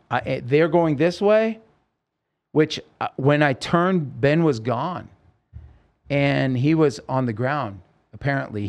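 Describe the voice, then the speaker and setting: A man's voice: mid-range voice, a little mellow. A man, a podcast guest, urgently recounting a personal story in vivid, present-tense detail.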